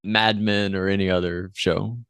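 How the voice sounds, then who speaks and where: A man with a lowish voice co-hosts a casual recap podcast. He rambles loosely, often trails off mid-thought, and slips into playful quotes of characters. His voice sits close and dry, with no room around it. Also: little pitch movement, normal speed, fairly bright tone, clear, resonant tone, no echo. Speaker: podcast co-host.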